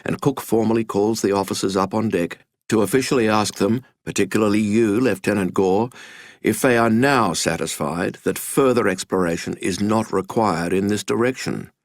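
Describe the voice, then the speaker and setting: A man's voice: fairly low pitch, normal speed, no echo. A man narrating a scripted history story with a dramatic, wry storytelling manner, recorded in a studio.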